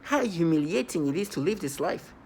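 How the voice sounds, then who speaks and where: A man's voice: a little high, expressive, fairly quick, darkish tone, slight background noise. A man in a rambling, scornful monologue to his viewers, repeating himself and breaking into mocking laughter. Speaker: vlogger. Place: New York City.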